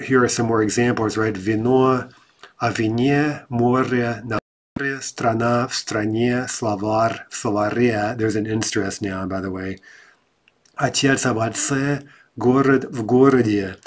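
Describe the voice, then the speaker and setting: A man teaching a language grammar lesson, explaining patiently and often checking in with "right?". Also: mid-range voice.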